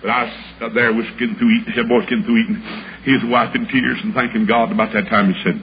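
A man preaching, telling a folksy story and acting out the voices in it, building up to shouts. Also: mid-range voice, steady tone, fast. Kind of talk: storytelling sermon. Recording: dull lo-fi recording with clear background hiss.

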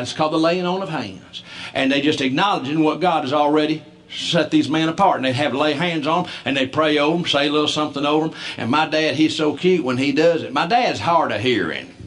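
A man telling family stories as a comedian, folksy and quick to laugh. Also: medium pitch, fairly bright tone. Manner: folksy, stumbling restarts, laughing through stories. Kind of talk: stand-up storytelling.

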